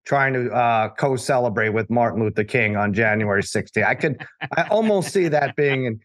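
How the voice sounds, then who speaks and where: A man's voice: medium pitch, lively intonation, normal speed, a bit bright. A man hosting a casual sports talk show, rambling and often restarting his sentences. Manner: rambling, self-interrupting.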